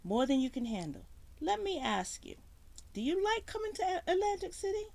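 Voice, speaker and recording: A woman's voice: very high-pitched, sing-song, normal speed, gravelly, darkish tone, pitched above the performer's own voice, heavily acted. A woman voicing a big, threatening male mob enforcer with clipped tough-guy talk. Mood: menacing.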